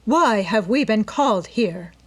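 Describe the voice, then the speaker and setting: A woman's voice: mid-range voice, very animated, unhurried, voice pushed up. A woman voicing a haughty, domineering middle-aged society woman with an imperious, indignant manner in a storybook reading. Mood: demanding.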